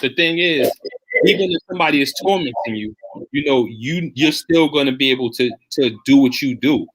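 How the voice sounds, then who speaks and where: A man's voice: medium pitch, normal speed, a bit bright, slight background noise, rough recording. A man hosting a casual interview, speaking in a supportive, encouraging way to his guest. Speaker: host.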